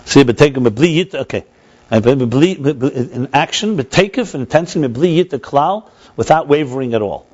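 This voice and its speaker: A man leads a text study class as a rabbi. His pitch is mid-range and his delivery is animated, with frequent restarts and Hebrew terms. The recording sounds a little muffled. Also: normal speed.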